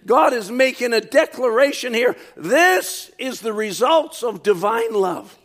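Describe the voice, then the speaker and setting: A man preaching a sermon, reading quotations aloud and commenting on them, rising to shouts on key points. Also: very high voice, lively intonation, measured pace.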